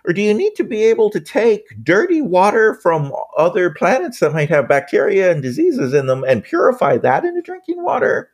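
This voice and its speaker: A woman's voice: medium pitch, sing-song, fairly quick, few pauses, slightly rough. A woman acting as game master, narrating and voicing shopkeepers in a tabletop game.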